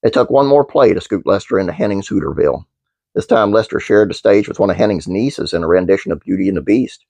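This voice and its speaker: A man's voice: on the low side, fast, vocal fry, darkish tone, no room sound. A man hosting his own channel, reading a trivia script aloud with fillers and restarts, then chatting casually to viewers. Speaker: channel host.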